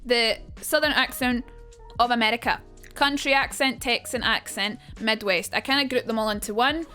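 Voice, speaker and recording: Scottish girl streaming, kinda high voice, chatty and sweary, bit of music in the background. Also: moderate pace, bright, forceful tone. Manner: chatty, swears freely, talks to chat. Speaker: streamer teaching accents. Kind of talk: casual live-stream chat.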